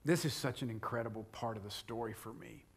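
A middle-aged man preaching a sermon, building loudly on key points and dropping to a whisper for emphasis. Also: mid-range voice, brisk, breathy edge. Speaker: pastor.

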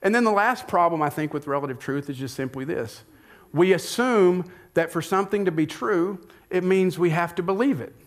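A man's voice: sits high, moderate pace. A middle-aged male pastor preaching a sermon in a conversational way, often asking rhetorical questions.

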